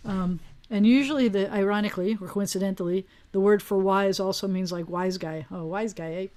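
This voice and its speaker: A woman rabbi teaching an online Hebrew class in a relaxed, digressive way, with plenty of fillers, speaking into a video call mic. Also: mid-range voice, fairly quick. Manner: chatty, digressive, with frequent fillers.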